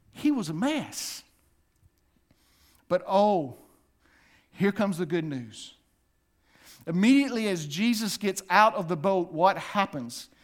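A man preaching a sermon, dropping to a hush and then rising loud and emphatic, acting out voices as he reads scripture. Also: high-pitched. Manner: swings from hushed to loud and emphatic; acts out voices while reading scripture.

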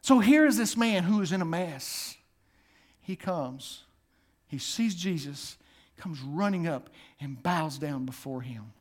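A man preaching a sermon, dropping to a hush and then rising loud and emphatic, acting out voices as he reads scripture. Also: fairly high pitch, expressive, slow. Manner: swings from hushed to loud and emphatic; acts out voices while reading scripture.

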